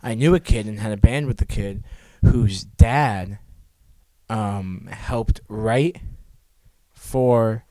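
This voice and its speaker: A man's voice: lowish voice, slow, warm tone, no room sound. A young man co-hosting a podcast, laid-back in casual chat and swearing freely. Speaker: podcast co-host.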